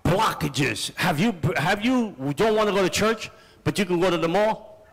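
A man's voice: high voice, normal speed, husky, in a large hall. An older man preaching at a seminar, firing off repeated rhetorical questions in short, punchy phrases.

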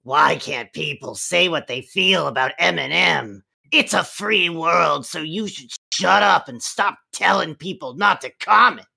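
A woman co-hosting a comedy podcast, reading and mocking forum posts in a sarcastic, deadpan way. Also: deep voice, unhurried, gravelly, hardly any pauses, breathy edge. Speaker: podcast co-host.

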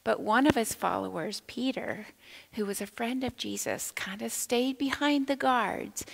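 A woman leading children's time in a church, telling a Bible story in an animated way, asking the children questions and sometimes dropping to a whisper. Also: mid-range voice, vocal fry, rough recording. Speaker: children's minister. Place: church sanctuary.

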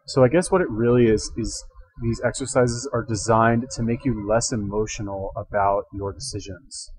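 A man's voice: fairly low pitch, steady tone, moderate pace, a little mellow, husky, no room sound, poor audio. A man hosting a reaction video, thinking aloud in casual commentary, rambling and correcting himself as he goes, speaking into a headset.

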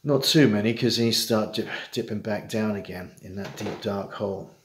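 A middle-aged man with an earnest, halting manner, talking straight to fellow fathers in a heartfelt personal monologue. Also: fairly low pitch, roomy sound, a little hiss or hum. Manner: earnest, halting, with many restarts and repetitions. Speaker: father giving advice to estranged dads.

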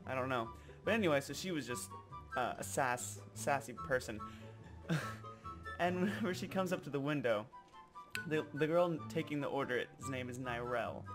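A young man vlogging casually, telling a work story in an animated way and acting out customers in exaggerated voices. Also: mid-range voice, moderate pace, music in the background.

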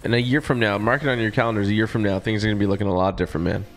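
A man live-streaming a game, chatting casually and reading out viewer shout-outs in quick upbeat bursts, with a sore throat. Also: lowish voice, fairly even intonation, soft background music.

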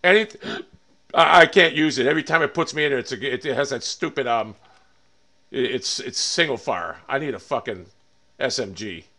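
A man streaming a shooter game, swearing often and swinging between loud frustrated rants and low muttering to himself. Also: normal speed. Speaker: gaming streamer. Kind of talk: live game commentary.

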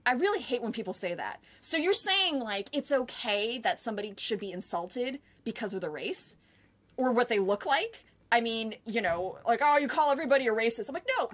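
Earnest and talkative, this American podcast co-host explains things with plenty of "like" and a frequent "right?" in casual conversation. Her voice leans high, expressive and a bit bright, at a moderate pace.

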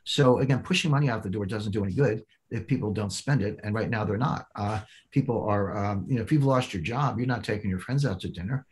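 A man's voice: fairly low pitch, a little mellow. Older man explaining economics. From United States. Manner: measured, explanatory, frequent fillers and restarts. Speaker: economic commentator. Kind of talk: economic presentation with charts.

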